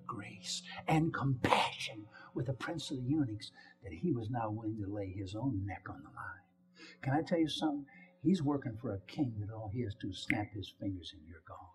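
A man preaching a sermon, telling a story with lively swings from loud exclamations to hushed whispers and calling out questions to the congregation. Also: lowish voice, moderate pace, soft background music.

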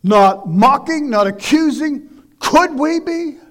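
A man preaching a sermon, loud and emphatic, shouting exhortations and dropping into quiet asides. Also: very high voice, lively intonation, slow. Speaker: pastor.

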